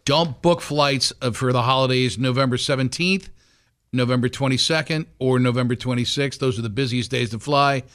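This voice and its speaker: A man's voice: medium pitch, steady tone, moderate pace, fairly bright tone. A man hosting a radio show, chatting loosely and jokingly with plenty of fillers, on a studio microphone. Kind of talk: casual morning radio chat.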